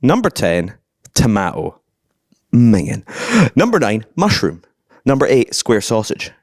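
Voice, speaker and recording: Young Scottish male podcast host, teasing and animated, low voice, dry close sound. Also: measured pace, no room sound. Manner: playful, teasing, laughs often. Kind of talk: casual podcast banter.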